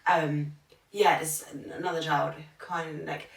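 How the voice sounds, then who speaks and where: Low, gravelly woman telling stories. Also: steady tone, unhurried. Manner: chatty storytelling, acting out what others said. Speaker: podcast co-host and primary school teacher. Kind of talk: casual podcast chat. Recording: echoey room, far from the mic.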